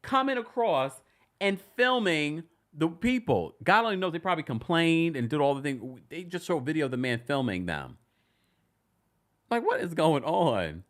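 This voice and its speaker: A man hosting a casual reality TV recap, chatty and animated, with sudden high-pitched exclamations. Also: normal speed. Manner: chatty, many restarts while retelling scenes.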